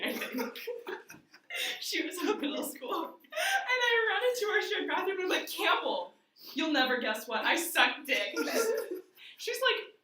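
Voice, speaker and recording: A young woman telling stories in a casual chat, animated and often laughing. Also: high-pitched, a little hiss or hum. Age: young adult. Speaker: guest. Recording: echoey room from a distance.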